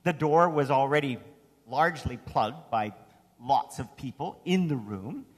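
A man giving a sermon, retelling a story in an animated, conversational way with asides to the congregation. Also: medium pitch, measured pace. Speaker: preacher. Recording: long hall reverb.

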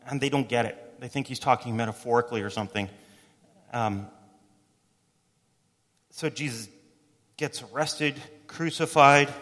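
Man preaching in a reverberant hall. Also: medium pitch. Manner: conversational, animated storytelling with quick voices for quotes. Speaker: pastor. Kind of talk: sermon.

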